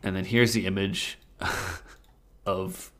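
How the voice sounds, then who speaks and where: A man's voice: sits low, steady tone, extremely slow, pushed and bright. A man co-hosting a podcast, chatting casually and crudely while laughing often. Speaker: podcast co-host. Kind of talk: casual comedic chat, reading fan fiction aloud.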